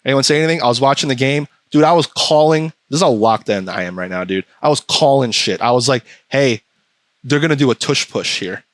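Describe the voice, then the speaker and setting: A man's voice: medium pitch, a little fast, no echo. A man hosting a podcast, ranting profanely in casual chat and slipping into mocking voices. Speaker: podcast host.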